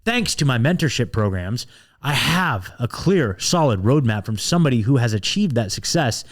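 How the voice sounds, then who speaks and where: A man's voice: medium pitch, very animated, moderate pace. A man hosting a podcast, delivering a fired-up, profane monologue full of restarts and fillers, like an evening pep talk. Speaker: podcast host.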